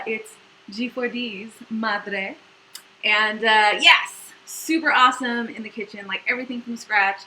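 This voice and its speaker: A woman's voice: on the high side, bright, forceful tone, slight background noise, poor audio. A young woman hosting a home baking livestream from her kitchen, chatty and bubbly, laughing easily. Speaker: home cooking livestream host. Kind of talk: casual livestream chat.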